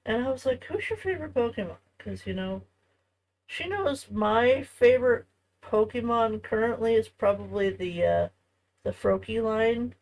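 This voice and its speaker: In a casual home stream, a woman crafts and talks with viewers as she goes, her voice fairly high and a little mellow. She speaks a little slowly, and the recording is low quality.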